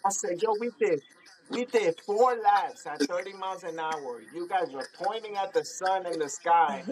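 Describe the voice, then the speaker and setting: Excitable man telling a wild story. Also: sits high, moderate pace, poor audio. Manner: excitable, laughing, acts out dialogue. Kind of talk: animated anecdote, quoting others. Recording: crowd noise behind.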